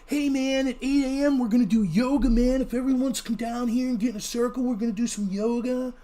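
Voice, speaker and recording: A mellow, preachy hippie man drifts along in a slow, laid-back drawl, as a man puts on the voice. The voice sits high and floats, never in a hurry. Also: steady tone. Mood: dreamy, earnest.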